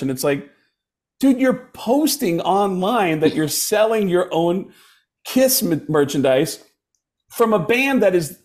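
His voice is high-pitched and his pace unhurried. The middle-aged stand-up comedian tells stories in an animated, casual chat, giving each person in them their own acted-out voice.

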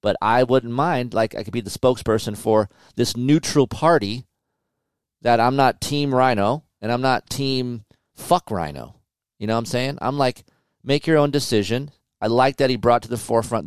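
A man's voice: mid-range voice, moderate pace, smooth, dry recording, clean studio sound. Profane, candid middle-aged man. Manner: candid, profane, animated storytelling. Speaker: podcast host. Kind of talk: casual chat.

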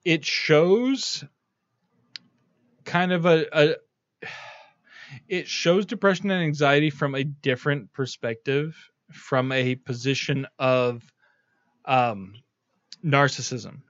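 A man's voice: on the high side, slow, long pauses, a bit bright, no echo, lo-fi sound. A man hosting a podcast in loose, rambling talk, cursing freely and padding his speech with fillers. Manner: rambling, profane, lots of fillers. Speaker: podcast host. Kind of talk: casual podcast chat.

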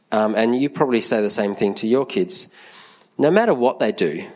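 Brief: thirties man, mid-pitched, easygoing children's talk in church, asks the kids questions. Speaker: church leader speaking to a congregation.

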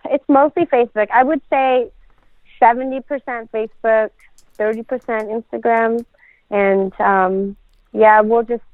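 A woman's voice: fairly high pitch, fairly even intonation, unhurried, no room sound. Woman podcaster, chatty, filler-heavy, tinny phone-like audio, dry close sound. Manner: chatty, laughs often, many fillers. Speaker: podcast co-host, dental practice owner. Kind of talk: casual podcast chat.

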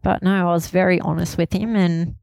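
A woman in her thirties, a grieving mother speaking candidly in an interview, halting and laughing softly through painful memories. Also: on the low side, flat delivery, gravelly, dry recording. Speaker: interview guest, bereaved mother. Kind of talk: emotional personal interview.

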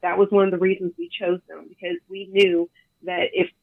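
A woman's voice: on the low side, flat delivery, vocal fry, no room sound. Grieving mother on a phone line. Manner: halting, emotional, quotes others often. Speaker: guest, bereaved mother. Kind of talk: emotional personal account.

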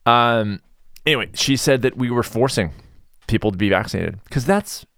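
A man hosting a podcast in a relaxed, mellow mood, chatting in a rambling way with a sarcastic streak. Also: fairly low pitch, moderate pace, gravelly, no echo, clean studio sound. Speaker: podcast host. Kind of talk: casual podcast monologue.

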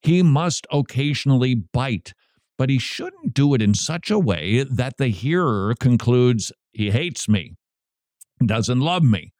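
A man hosting a radio show, commenting on a recorded sermon in a slow, emphatic way with wry humor. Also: mid-range voice, animated, darkish tone, no room sound, clean studio sound.

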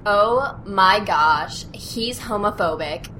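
A woman's voice: mid-range voice, expressive, slow, pushed and bright, a little hiss or hum. A woman voicing a suspicious, snippy college woman in her twenties with a scornful drawl. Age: 20s.

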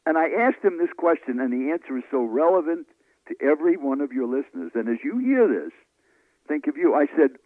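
A man, a speaking coach telling animated stories in an interview. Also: a little high, dry recording. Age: 70s. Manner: lively, animated storyteller acting out dialogue. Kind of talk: storytelling interview answers. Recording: tinny phone-line audio, dry.

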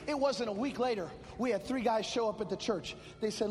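A male preacher from Chicago giving a sermon, telling comic stories and rising into shouted preaching. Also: very high-pitched, fast, few pauses, big-room sound. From Chicago, USA.

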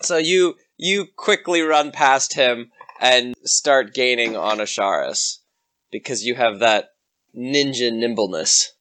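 A game master narrating a tabletop game in a relaxed, easygoing way, laughing easily. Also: medium pitch, takes it slowly.

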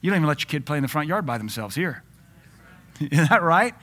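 A man in his forties from the United States preaching a sermon as pastor, in a lively, joking way with frequent laughs. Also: on the high side, fairly quick.

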